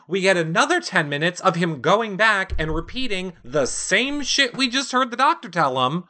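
Animated, bright-voiced woman recap host. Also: fairly low pitch, moderate pace, few pauses. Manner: animated, mocking, breaks into silly whiny impressions. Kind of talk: casual comedic TV recap chat. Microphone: live-streamed studio mic.

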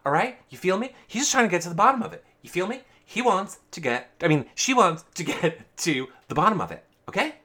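A man voicing a laid-back young man who pleads in fast, slangy bro talk. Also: high-pitched, very animated, pushed and bright, voice pushed up, heavily acted. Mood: pleading.

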